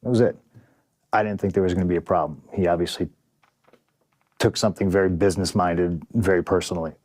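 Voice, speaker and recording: A man's voice: deep voice, steady tone, quick pace, a little mellow, no room sound. A man in a casual podcast interview, telling a story in a profane, vivid way and acting out what others said. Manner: profane, vivid, acts out dialogue. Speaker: podcast guest, pro wrestler.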